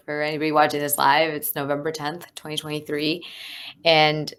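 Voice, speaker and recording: A woman's voice: low-pitched, gravelly. A woman, a leadership coach, talking candidly and earnestly as an interview guest, with many fillers. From United States. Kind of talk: conversational interview.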